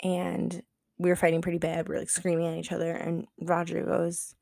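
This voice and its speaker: A woman's voice: lowish voice, completely flat delivery, brisk, vocal fry, mellow, no echo, clean studio sound. A woman podcast co-host telling a casual story, chatty and profane, full of "like" and acted-out quotes. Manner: chatty, profane, heavy use of "like"; acts out quoted dialogue.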